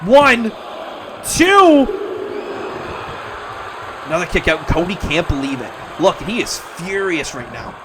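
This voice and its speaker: A man calling wrestling play-by-play, excitable and breaking into shouts at near-falls. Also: high voice, slow pace, long pauses, noisy background. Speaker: wrestling commentator. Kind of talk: play-by-play commentary.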